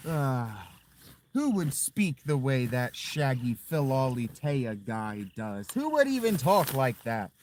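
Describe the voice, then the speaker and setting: Male game streamer, slow rambling jokes, animated pitch, faint background noise. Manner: joking, rambling, talks to himself. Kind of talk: casual live-stream chatter.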